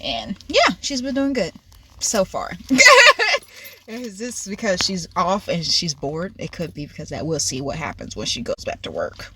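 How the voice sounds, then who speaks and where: A woman's voice: on the low side, measured pace, very noisy. A young woman vlogger telling a funny story in a casual, giggly way. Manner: giggly, animated, laughs through the story. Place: car.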